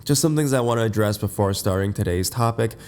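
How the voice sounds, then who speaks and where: Male podcast host, just out of bed: deep, groggy, a bit stuffy, rambling and full of fillers. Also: quick pace, a little mellow, slight background noise. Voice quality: deep, slightly congested. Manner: rambling, many fillers and restarts. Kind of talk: casual unscripted podcast monologue. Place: in bed at home.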